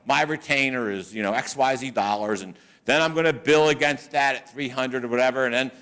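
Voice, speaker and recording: A man acting out a glib, billing-happy lawyer in an offhand, vague tone, a bit lower than his own voice. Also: a little fast, fairly bright tone, lightly acted.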